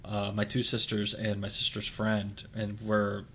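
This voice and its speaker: A man's voice: fairly low pitch, completely flat delivery, measured pace, fairly bright tone, slight background noise. Young man telling a rambling story. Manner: rambling storyteller with many fillers and restarts. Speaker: podcast co-host. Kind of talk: casual podcast chat.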